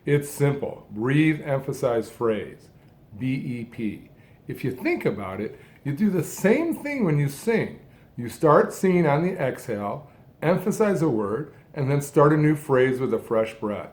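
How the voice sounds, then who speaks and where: A man's voice: mid-range voice, very animated, darkish tone. Man coaching in short, emphatic phrases. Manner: deliberate, speaks in short phrases with strong emphasis. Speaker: speech coach who stutters. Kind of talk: instructional talk.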